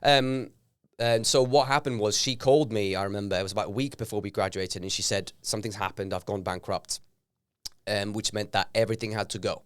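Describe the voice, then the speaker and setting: Norwegian-born man telling lively stories. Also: on the low side, fast talker, smooth, dry recording, clean studio sound. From Norway. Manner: animated storyteller, acts out quotes. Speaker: guest actor. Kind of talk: casual podcast interview.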